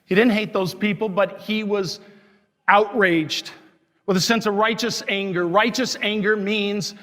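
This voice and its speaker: A male priest with a high voice preaches with fiery, indignant force. His words ring through a church with a long, lingering reverb. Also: a little slow, a bit bright. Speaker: diocesan priest. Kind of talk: sermon.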